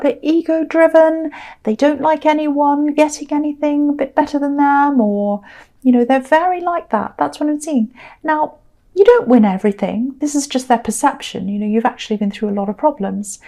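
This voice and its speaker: A woman's voice: on the high side, mellow. A middle-aged woman giving a casual, meandering tarot reading in a chatty, reassuring manner. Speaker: tarot reader.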